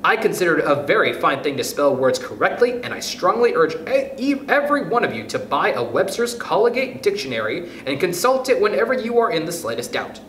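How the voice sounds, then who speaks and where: A man puts on a tiny mouse teacher, fussy and brisk, bossing the class about in a raised voice that bounces all over. It rings in a roomy space with a faint hiss behind. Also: high-pitched, sing-song, a bit bright, voice pushed up. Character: tiny self-assured mouse playing schoolteacher. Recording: roomy echo, faint noise.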